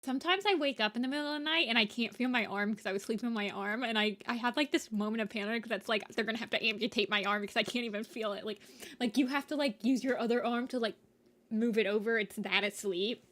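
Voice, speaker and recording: A woman's voice: on the high side, fast talker. A young adult woman chatting casually with viewers while she draws, rambling with many fillers. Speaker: art streamer. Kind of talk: casual chat while drawing. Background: soft background music.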